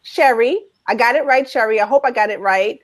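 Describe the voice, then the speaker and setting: A woman hosts a live stream, bubbly and quick to laugh as she welcomes guests. Her voice sits a little high. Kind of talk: casual live-stream chat.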